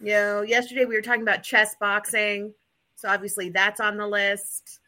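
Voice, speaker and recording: Chatty woman co-host, very bright tone, rambling delivery. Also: medium pitch, little pitch movement, normal speed. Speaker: podcast co-host. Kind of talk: casual chat.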